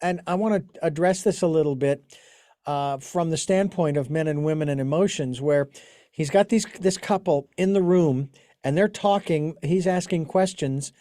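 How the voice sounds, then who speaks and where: High-voiced man telling rambling stories. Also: normal speed, warm tone, no echo, studio quality. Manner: rambling storyteller with many restarts and fillers. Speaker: podcast host. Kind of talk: casual interview chat.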